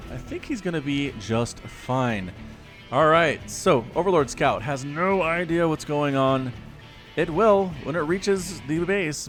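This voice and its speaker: A man doing solo commentary on a strategy game, his pitch swinging widely as he talks. He chats directly to his viewers in a mid-pitched, lively voice, with faint music underneath. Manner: chatty, addresses viewers directly. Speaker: esports caster.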